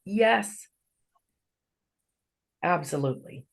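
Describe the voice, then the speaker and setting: A woman's voice: fairly low pitch, expressive, very slow, gravelly, low-quality recording. A woman co-hosting an interview podcast, speaking earnestly and emphatically about her own experience. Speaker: podcast co-host.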